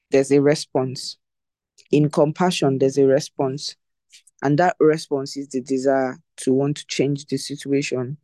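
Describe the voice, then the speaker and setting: Emphatic, mellow devotional teacher. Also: mid-range voice, no echo. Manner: emphatic, repeats key phrases, asks rhetorical questions.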